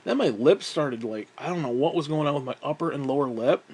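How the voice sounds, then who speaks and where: A man's voice: medium pitch, fairly quick, a little mellow, slightly rough. A man telling a rambling story in a casual monologue, swearing often, exasperated and mocking himself, with frequent sighs. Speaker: vlogger.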